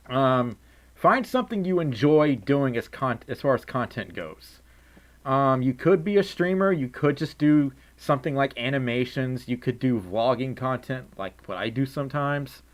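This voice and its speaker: A man answering viewer questions on a casual livestream, chatty, with stammering restarts and nervous laughs. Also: medium pitch. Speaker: streamer. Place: at home, wearing a fursuit.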